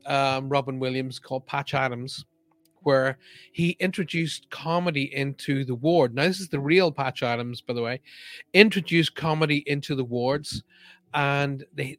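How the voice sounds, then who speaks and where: A man's voice: on the high side, fairly bright tone, no room sound. A man hosting a live chat show as a psychic medium, chatty and upbeat, greeting viewers by name as he talks. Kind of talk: casual live-stream chat.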